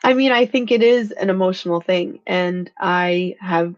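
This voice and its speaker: A woman's voice: fairly low pitch, moderate pace, muffled recording. A woman hosting a motivational live stream, speaking earnestly and with feeling, stressing points with "freaking". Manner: earnest, heartfelt and emotional, says "freaking" for emphasis.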